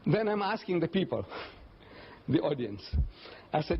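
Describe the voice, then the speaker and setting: This is a public lecture Q&A where an older man speaks on religion at a measured pace, with a little hiss or hum in the background. He animates his stories and often jumps up in pitch to voice the people he quotes. The recording is dull and lo-fi.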